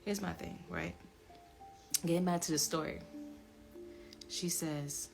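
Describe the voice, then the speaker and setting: A young woman vlogging a personal story in a casual, animated and blunt way, with swearing. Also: on the low side, slow, creaky, long pauses. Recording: music playing underneath.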